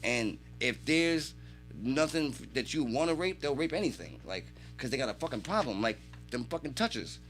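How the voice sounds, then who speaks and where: A man telling animated, swear-filled stories as a podcast guest in a radio studio. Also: mid-range voice, moderate pace, faint music behind. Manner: animated storytelling, heavy swearing. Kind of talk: casual chat.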